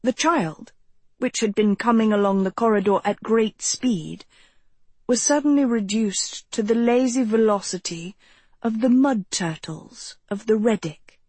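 Slow, husky woman narrating a story. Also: fairly high pitch, dry recording. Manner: measured, expressive reading. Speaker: audiobook narrator. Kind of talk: scripted narration.

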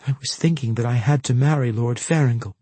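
A man's voice: medium pitch, a little fast, mellow, husky, no echo, voice pushed up, natural voice. A man voicing a determined young peasant woman who speaks in an earnest, pleading way.

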